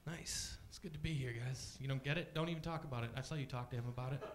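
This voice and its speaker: A man doing a chatty stand-up comedy set on a club stage, deadpan, often jumping into high voices for other people. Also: fast, slight background noise.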